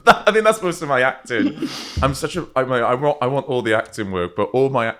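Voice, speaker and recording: Podcast host guy gushing over his guest, average pitch. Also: expressive, brisk, a bit bright. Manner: enthusiastic, gushing. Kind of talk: casual chat.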